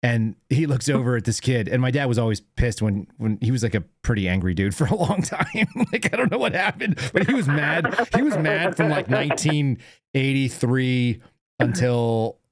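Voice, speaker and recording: A man's voice: medium pitch, expressive, normal speed, slight background noise. A man in his thirties hosting a call-in show, telling a story in a casual, rambling way, laughing and saying "like" often.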